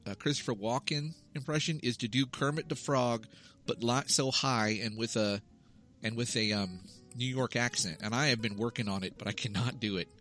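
A man in his thirties co-hosts a podcast in an easy, joking way, rambling from one gag to the next. His pitch sits in an ordinary middle range. Faint music plays behind him. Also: normal speed, fairly bright tone. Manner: jokey, playful, rambling. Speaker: podcast co-host. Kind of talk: casual podcast chat.

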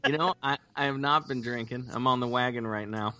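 A man's voice: medium pitch, fairly quick, sharp tone, faint music behind. An American man, a guest, chatting casually in an easygoing, drawling way. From United States. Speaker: guest, Sasquatch hunter. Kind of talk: casual chat.

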